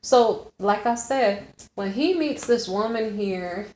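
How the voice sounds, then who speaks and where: A woman's voice: mid-range voice, takes it slowly, a little mellow. Chatty woman reading tarot, roomy echo. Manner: chatty, rambling, self-correcting, keeps checking in with "okay?". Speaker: tarot reader. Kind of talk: casual tarot reading to viewers.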